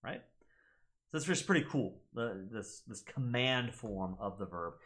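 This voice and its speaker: A man of middling pitch who teaches in a casual, chatty way, his voice swinging up and down with energy. He hosts a gaming channel and repeats words slowly to demonstrate how they sound. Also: lively intonation, fairly bright tone. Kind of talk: casual explanatory lesson.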